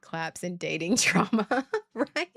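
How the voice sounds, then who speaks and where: A woman's voice: lowish voice, expressive, takes it slowly, slightly rough, dry recording, clean studio sound. A woman, streaming a candid, profane monologue and laughing often. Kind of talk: casual livestream monologue.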